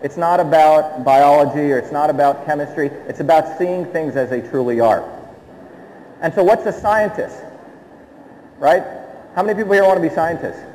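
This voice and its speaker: Addressing an audience in a hall, a middle-aged Indian man speaks emphatically at a normal pace, repeatedly posing rhetorical questions to the crowd. His voice is a little high and slightly mellow, with a long hall reverb and faint hiss or hum in the recording.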